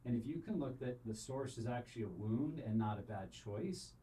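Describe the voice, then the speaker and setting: A man's voice: medium pitch, expressive, moderate pace, mellow, slight background noise, rough recording. A man hosting a podcast conversation, earnest and affirming, reflecting back what his guest says. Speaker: podcast host.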